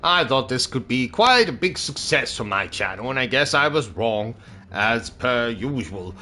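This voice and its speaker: Man signing off a gaming stream brightly. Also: medium pitch, lively intonation, normal speed, a little hiss or hum. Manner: theatrical, mock-grand delivery. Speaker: gaming channel host. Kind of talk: live stream commentary and sign-off.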